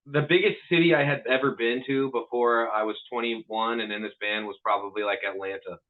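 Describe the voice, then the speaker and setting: A man in a band chatting casually in an interview, relaxed and rambling. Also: medium pitch, a little fast. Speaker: band member guest. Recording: tinny phone-like sound.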